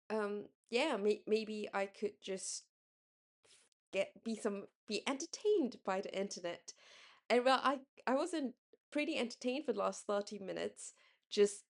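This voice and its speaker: Chatty young woman from Singapore. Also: on the high side. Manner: rambling, self-correcting, laughs often. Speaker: vlogger. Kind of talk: casual late-night chat.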